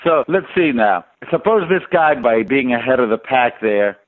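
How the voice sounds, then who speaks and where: Male radio regular, mid-pitched, incredulous banter, phone-line sound. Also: lively intonation, moderate pace. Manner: incredulous, questioning. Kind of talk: radio talk, casual banter. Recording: tinny phone-like radio audio.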